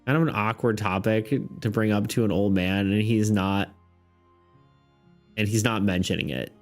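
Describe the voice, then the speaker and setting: A man's voice: lowish voice, moderate pace, soft background music. A man narrating as game master in a casual, hesitant way, full of ums and little laughs. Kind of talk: narrating a tabletop game on stream.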